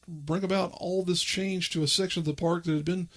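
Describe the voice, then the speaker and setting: A man's voice: high-pitched, fairly even intonation, brisk, fairly bright tone. A man hosting his own podcast, talking in a chatty, rambling way with fillers. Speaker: podcast host. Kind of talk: casual monologue.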